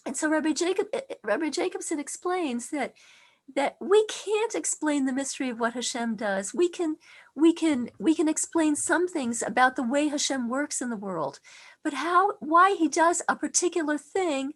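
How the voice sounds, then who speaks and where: A middle-aged woman giving a talk on faith. She tells stories earnestly and softens to a hush on tender lines. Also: high voice, expressive, normal speed. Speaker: speaker on faith.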